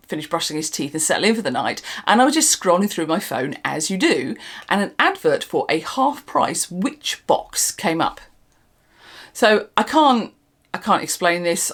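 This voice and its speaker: A woman's voice: on the low side, a bit bright. An older woman, hosting an unscripted casual product review in a rambling, dry and sarcastic way. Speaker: channel host reviewing products.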